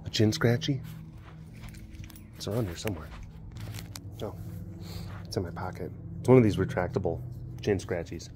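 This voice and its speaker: A man, an animal keeper vlogging outdoors by the enclosures, chatting in a rambling, excitable way with lots of fillers. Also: low-pitched, moderate pace, pauses often, noisy background. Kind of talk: casual vlog chat.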